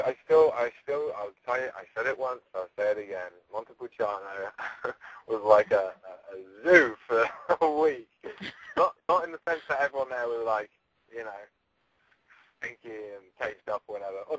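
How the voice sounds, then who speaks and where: A man calls in to a radio show as an interview guest, rambling and joking casually, stammering, restarting often, and laughing. His voice is medium-pitched and a bit bright, and the recording is dry with poor audio.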